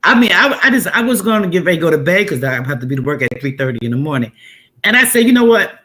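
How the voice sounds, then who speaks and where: A middle-aged woman with a New York accent, hosting a casual live-stream chat in an animated, repetitive, streetwise way. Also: fairly low pitch, fast. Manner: animated, repeats herself, streetwise phrasing.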